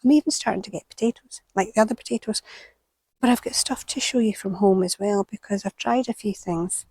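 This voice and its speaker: A woman with a British accent hosting a gardening vlog outdoors at an allotment, talking to camera and often dropping to a hushed whisper. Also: medium pitch, fairly quick, husky. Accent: British English. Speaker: gardening channel host. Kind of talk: casual vlog talk to camera. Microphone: small clip-on microphone.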